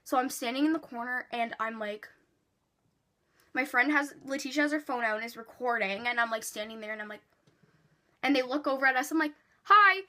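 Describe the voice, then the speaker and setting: A woman vlogger telling a storytime in an animated way, swearing freely and acting out quotes. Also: on the high side, brisk. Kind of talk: storytime vlog.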